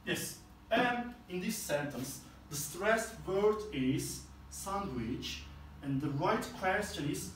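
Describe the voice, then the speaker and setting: A man teaching an English lesson, explaining each answer step by step in a slow, careful way. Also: high-pitched, animated, a bit bright, a little hiss or hum. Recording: echoey room from far off.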